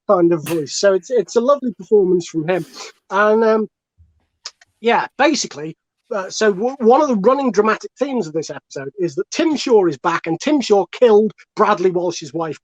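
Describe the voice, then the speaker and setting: A man talks through a comic podcast argument, rambling and digressing and swearing freely. The sound is dull and lo-fi, and the dry recording has no room echo at all. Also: high-pitched. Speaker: comedian panelist.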